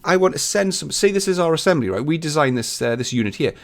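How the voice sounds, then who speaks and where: A man presenting a casual software tutorial, chatty and informal, acting out both sides of his stories. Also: on the high side, expressive, fast. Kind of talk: casual screen-recorded tutorial.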